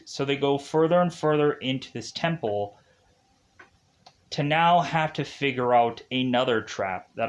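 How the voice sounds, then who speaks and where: A man reviewing a film in a casual, rambling way. He fills gaps with "uh" and "of course" and chuckles at his own jokes. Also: mid-range voice.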